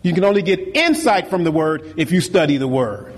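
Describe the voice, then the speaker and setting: Emphatic preacher in a reverberant hall. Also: male voice, on the high side, animated, brisk, husky. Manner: emphatic, preacherly, repeats key phrases. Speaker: pastor. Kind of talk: sermon.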